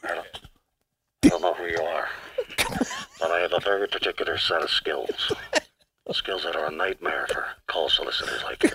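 A man doing an impression of a gruff film action hero, hushed and menacing, threatening phone solicitors. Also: sits low, fairly even intonation, normal speed, long pauses, a little hiss or hum, heavily acted, low-quality recording.

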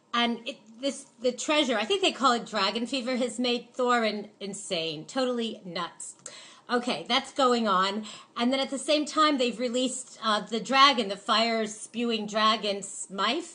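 Chatty woman host reviewing a film, bright and slightly high voice, full of fillers and excitement. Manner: chatty and rambling, many fillers and restarts; gushing and enthusiastic. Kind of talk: casual film review to camera.

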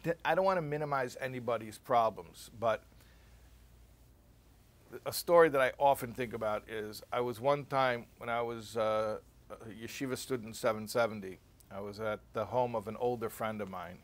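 A man leads an informal class in a conversational way. He tells personal stories and slows right down to stress his key points. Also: medium pitch. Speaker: Torah teacher.

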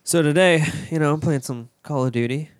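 Brief: young male podcast host, crude lively storyteller, dry close sound. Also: on the high side, brisk, smooth, dry recording. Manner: profane, animated storyteller. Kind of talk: casual storytelling chat.

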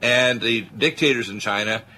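A man's voice: mid-range voice, moderate pace, sharp tone, a little hiss or hum. A man hosting a talk radio show, speaking emphatically and rambling with many filler uhs.

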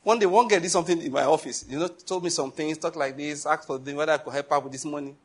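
A man's voice: a little high, fast talker. A man preaching a sermon, telling stories and acting out the dialogue with a laugh. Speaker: pastor.

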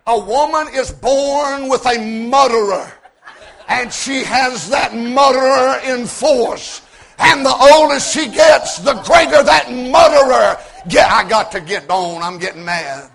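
Male preacher, very high and gravelly voice, slow, folksy humor, builds to shouts. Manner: folksy joking storytelling, rising to shouts; repeats words when starting sentences. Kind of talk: sermon.

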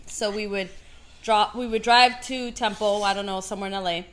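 A woman's voice: medium pitch, normal speed, a little hiss or hum. A woman co-hosting a podcast, telling a funny story in casual chat and laughing as she talks. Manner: animated, laughs through the story. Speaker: podcast co-host.

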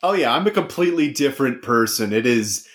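Recorded over a remote call, this podcast host is expressive and a little fast, with a medium-pitched, slightly bright voice. He jokes his way through a casual comedy show and does a sportscaster-style intro voice.

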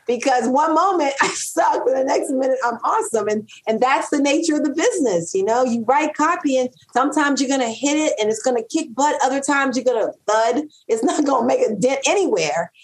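A middle-aged woman whose first language is not English, speaking as a guest copywriter in a casual interview, animated and repeating phrases for emphasis. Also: high voice, a little fast, hardly any pauses, low-quality recording.

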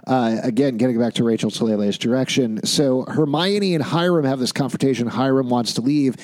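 A man's voice: medium pitch, brisk, darkish tone. A man co-hosting a podcast, recapping a TV episode in casual chat with wry, analytical asides. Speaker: podcast co-host.

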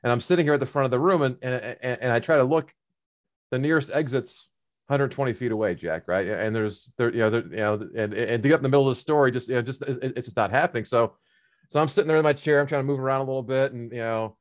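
A man's voice: mid-range voice, fast. A middle-aged man casually telling a long personal story, rambling with many fillers and restarts.

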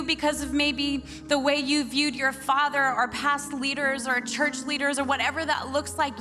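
A woman from Washington State speaking at a church service, praying and then chatting in an expressive, emotional way. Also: sits high. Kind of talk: prayer and sermon talk.

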